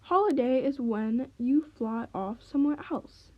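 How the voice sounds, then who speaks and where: A woman voicing a chatty, bossy female magpie who takes over as teacher, bright and eager. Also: high-pitched, animated, measured pace, dull audio. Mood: bossy chirpy.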